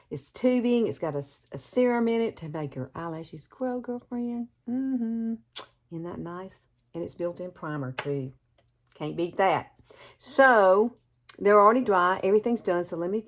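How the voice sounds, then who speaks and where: A woman in her fifties from Alabama with a Southern accent, chatting folksily through a makeup tutorial and calling the viewer girl. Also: medium pitch. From Alabama, USA. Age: 50s. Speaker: beauty vlogger.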